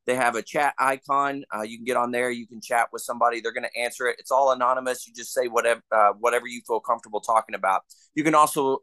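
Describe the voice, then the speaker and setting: A man's voice: medium pitch, steady tone, fast talker, bright, forceful tone, no room sound. A man hosting a veterans' podcast, thanking guests and listeners in an earnest, plain-spoken way. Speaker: podcast host. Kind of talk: podcast sign-off.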